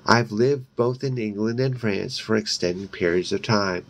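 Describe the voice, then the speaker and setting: A man's voice: fairly low pitch, a little slow. A man doing a friendly curious schoolboy. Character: friendly curious teenage boy student.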